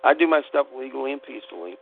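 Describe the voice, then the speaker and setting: Gravelly blunt man on a tinny line. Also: medium pitch, very fast, slight background noise. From Pittsburgh, United States. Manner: blunt, profane, animated retelling. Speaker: podcast host. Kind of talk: rambling personal storytelling.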